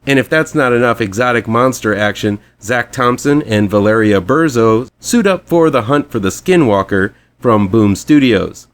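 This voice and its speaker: A man's voice: medium pitch, expressive, normal speed, hardly any pauses. Man hosting a horror comics rundown. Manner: chatty, fan-like enthusiasm. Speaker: host of a horror comics show. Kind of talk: scripted weekly comics rundown.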